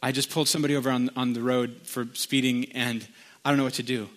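A man's voice: mid-range voice, little pitch movement, quick pace, fairly bright tone, voice pushed down, natural voice. A man playing a flustered cop. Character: baffled male police officer.

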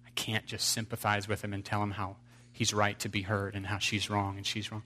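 A man's voice: lowish voice, monotone, brisk, sharp tone, slight background noise. A man preaching an earnest sermon, telling a story to his congregation.

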